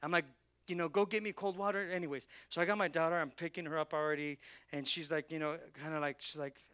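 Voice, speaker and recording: Fervent, bright-voiced male preacher. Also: fairly high pitch, little pitch movement, fast, clear, resonant tone. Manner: emotional, rising to loud fervent preaching. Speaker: pastor. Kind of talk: sermon with personal story. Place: church.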